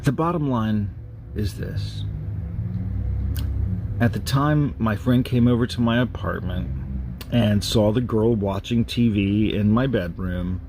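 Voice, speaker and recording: A man with a somewhat low voice recounts a personal ghost story, taking his time. He talks very slowly and haltingly, pausing and restarting as he goes, with a faint hiss of background noise. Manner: slow, measured, halting storytelling with pauses and restarts. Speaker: narrator of a paranormal recording series.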